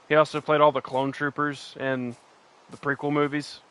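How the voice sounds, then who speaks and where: A man's voice: a little high, little pitch movement, moderate pace, pushed and bright, smooth, low-quality recording. A man streaming a game in casual chat, rambling, laughing often and answering his chat. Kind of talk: casual chat while playing and reading chat.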